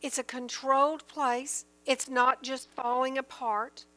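A woman's voice: sits high, flat delivery, unhurried, sharp tone. A woman teaching from the Bible in an earnest, emphatic sermon style, reading verses aloud and explaining them.

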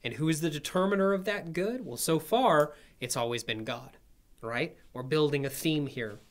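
A man's voice: fairly high pitch, moderate pace. Bible study teacher, man, conversational and explanatory, keeps asking "right?". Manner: explanatory, asks checking questions.

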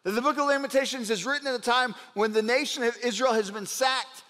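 A male pastor delivers an earnest sermon and slows down to let key points land. His voice sits unusually high for a man. It rings with the long reverb of a large hall. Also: sharp tone. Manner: earnest preaching, slows down for emphasis.

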